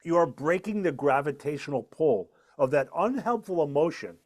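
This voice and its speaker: With a fairly high, lively voice at a moderate pace, a middle-aged author and speaker lays out a method during a podcast interview. He sounds earnest and emphatic, like a teacher, and keeps repeating his key ideas to drive them home.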